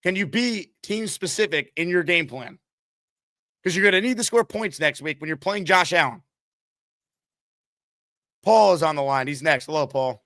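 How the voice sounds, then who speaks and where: A man's voice: on the high side, animated, moderate pace, long pauses, fairly bright tone, no room sound, clean studio sound. A man hosting a call-in sports talk show, chatty and upbeat as he takes callers. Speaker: host.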